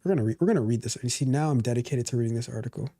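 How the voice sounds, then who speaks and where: A man's voice: mid-range voice, very fast, warm tone. A man hosting a tech livestream, reading a news article aloud in a casual way, repeating himself and grumbling at the web page. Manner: talks to himself, grumbles at the website, repeats words. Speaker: livestream host. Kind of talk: casual live commentary while reading an article.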